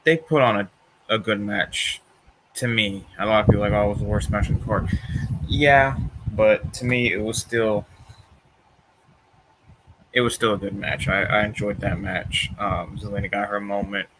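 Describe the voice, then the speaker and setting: A man's voice: fairly low pitch, unhurried, pauses often, fairly bright tone, slight background noise, poor audio. A young man in casual chat, rambling and tired, yawning between thoughts, with many fillers and restarts. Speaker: vlogger reviewing wrestling shows.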